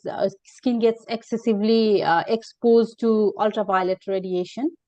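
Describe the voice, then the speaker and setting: A woman doctor practicing how to reassure a patient during a class, speaking carefully and pausing often. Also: a little high, darkish tone, no echo. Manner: careful, with frequent uh fillers. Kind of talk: practice role-play as a clinician. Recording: dry, dull lo-fi audio.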